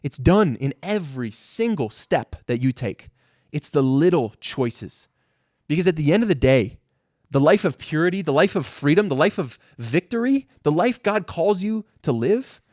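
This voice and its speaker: Young male podcast host, high voice, dry close sound, fervent exhorting faith talk. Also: very animated, measured pace, a little mellow, no room sound. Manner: fervent, exhorting, repeats words when stirred. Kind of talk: impassioned Christian motivational talk.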